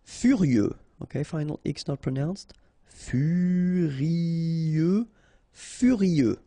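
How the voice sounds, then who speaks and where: A man with a French accent teaching pronunciation in a slow, unhurried way, repeating and spelling out each word. His voice is dark and gravelly, with a husky edge. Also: medium pitch, lively intonation, dry recording. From France. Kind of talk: pronunciation drill.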